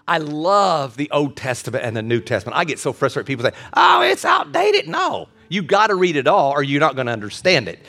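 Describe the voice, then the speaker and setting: A pastor preaches a sermon during a church service, emphatic and repetitive, repeating phrases as his intensity builds. His voice is mid-range with a fairly bright tone.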